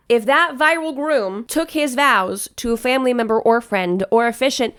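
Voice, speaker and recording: A woman's voice: fairly high pitch, normal speed, fairly bright tone. A woman wedding planner giving advice in a casual vlog, chatty and direct, often checking in with "okay?".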